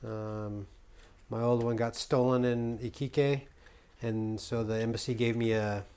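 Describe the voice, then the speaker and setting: His voice is mid-range, darkish, clear and resonant, with fairly even intonation and a slightly slow delivery. He's an American travel vlogger casually chatting to the camera, rambling playfully with plenty of ums, fillers and restarts.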